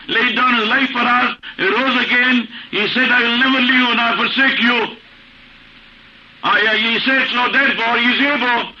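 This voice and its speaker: A man's voice: extremely high pitch, sharp tone. A man preaching a sermon, repeating phrases for emphasis and asking rhetorical questions. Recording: muffled old recording with faint hiss.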